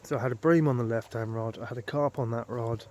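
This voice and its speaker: Casual male vlogger by a lake, mid-pitched, swears constantly, rambling and fed up, faint background hiss. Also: steady tone, fast. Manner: swearing, rambling, exasperated storytelling. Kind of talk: casual outdoor vlog. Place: outdoors at a lake.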